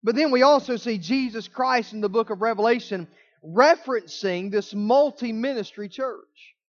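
A man with a high, ringing voice preaches a morning sermon, pressing hard on key words and slowing right down to drag them out. The recording sounds slightly dull and muffled. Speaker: pastor.

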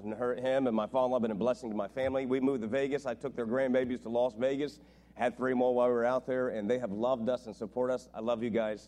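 A middle-aged man preaching as a visiting pastor, telling jokes and family stories in an animated way. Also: mid-range voice. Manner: joking, animated storytelling. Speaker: guest preacher. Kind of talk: sermon.

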